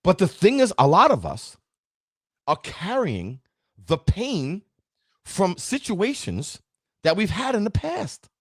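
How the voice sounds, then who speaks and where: A man hosting a motivational talk show, speaking straight to his audience with a preachy, animated delivery. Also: high-pitched, takes it slowly, long pauses, breathy edge, no room sound, clean studio sound. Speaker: motivational show host and town councilman.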